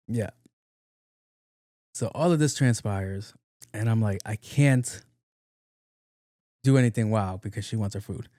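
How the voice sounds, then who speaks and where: Casting note: young New man, podcast host, mellow low-toned voice, loose and profane. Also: dry recording, clean studio sound. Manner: profane, animated retelling with acted-out quotes. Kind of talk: casual solo storytelling.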